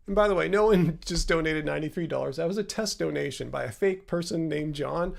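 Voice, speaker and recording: A man's voice: on the high side, fairly quick, creaky. A man hosting a casual livestream, rambling loosely with lots of ums and chatty asides. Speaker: livestream host. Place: home room with laptop.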